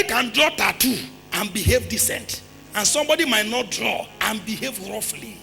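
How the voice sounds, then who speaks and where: A man with a Nigerian accent preaching a sermon as pastor, emphatic, repeating phrases, firing rhetorical questions and at times breaking into shouts. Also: sits high, lively intonation, moderate pace, vocal fry. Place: church hall. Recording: reverberant church hall with faint music.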